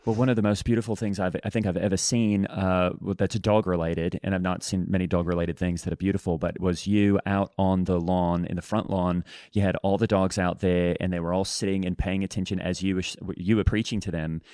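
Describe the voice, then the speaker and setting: Brief: low-voiced man, soft deadpan interviewer, dry studio mic. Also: a little fast, few pauses, no echo. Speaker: co-host. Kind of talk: improvised comedy interview.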